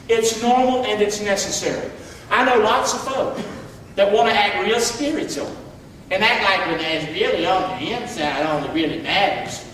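A middle-aged male pastor preaching in a folksy, animated way, full of questions to the congregation. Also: sits high, unhurried, slight background noise. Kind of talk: sermon. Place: church sanctuary. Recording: echoey hall from far off.

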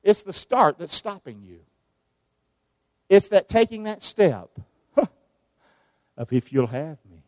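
A pastor with a high-pitched voice preaches with feeling, calling on his congregation to answer back. The sound is dry and close, with no room echo. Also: sing-song, unhurried, pauses often, darkish tone. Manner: emotional call-and-response preaching. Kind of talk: sermon. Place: church sanctuary.

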